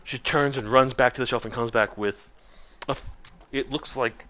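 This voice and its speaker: A man's voice: medium pitch, fairly even intonation, moderate pace, a bit bright, lo-fi sound. A man running a tabletop game as game master, narrating casually with rambling fillers.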